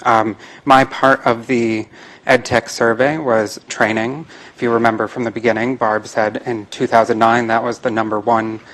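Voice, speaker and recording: A man's voice: medium pitch, little pitch movement, normal speed, fairly bright tone, rough recording. A man speaking as a conference panelist in a plain, informal way. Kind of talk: conference presentation.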